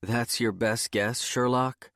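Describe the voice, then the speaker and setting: A man's voice: medium pitch, steady tone, takes it slowly, fairly bright tone, dry recording, clean studio sound, voice pushed up. A man voicing a wry, teasing young woman teacher in an audiobook. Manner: playful, teasing. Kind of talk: audiobook character voice.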